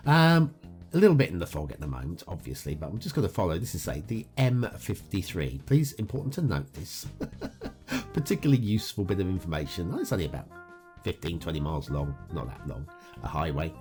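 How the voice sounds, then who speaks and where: Faint guitar music plays as a game review show host chats upbeat and casually about gameplay, frequently filling gaps with "uh." His voice sits low with big pitch swings, brisk and a little mellow.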